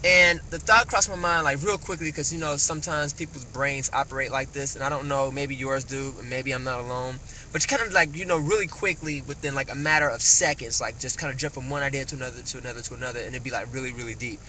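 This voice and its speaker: A man ranting casually on a phone livestream, rambling with many fillers and animated rises. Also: mid-range voice, fast, poor audio. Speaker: vlogger. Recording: phone mic with faint car noise.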